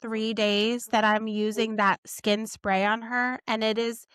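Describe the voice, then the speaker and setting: A woman in her thirties co-hosting a casual faith podcast, telling a family story with animated asides. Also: fairly high pitch, unhurried, clean tone, no room sound, clean studio sound. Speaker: podcast co-host.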